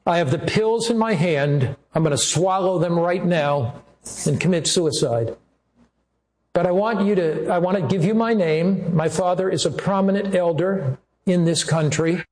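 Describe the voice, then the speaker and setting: A man's voice: high-pitched, moderate pace, darkish tone, lightly acted. A man recounting a desperate young woman caller. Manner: pleading, guilt-ridden confession. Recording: echoey room.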